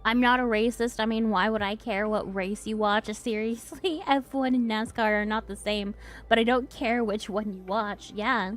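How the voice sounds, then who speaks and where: A young woman with a fairly high voice chats on her stream, giggling often as she talks. Faint music plays behind her. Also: fairly even intonation, normal speed. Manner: giggly, laughs often, chatty. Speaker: streamer host. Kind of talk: casual chat with viewers.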